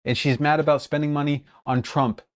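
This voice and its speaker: A woman's voice: deep voice, steady tone, brisk. A woman streamer giving casual, sarcastic commentary while she reacts to a clip, swearing freely.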